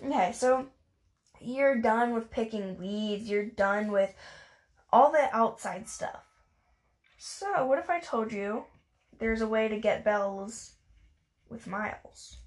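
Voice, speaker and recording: Woman, tired casual game commentator; unhurried, slightly high, chatty and self-mocking. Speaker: gaming video creator.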